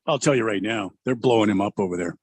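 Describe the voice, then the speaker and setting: A man's voice: fairly low pitch, fast, husky, no echo. A man hosting sports talk radio, joking around and reading listener messages in a teasing, mocking way. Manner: mocking, mimics players in sarcastic voices.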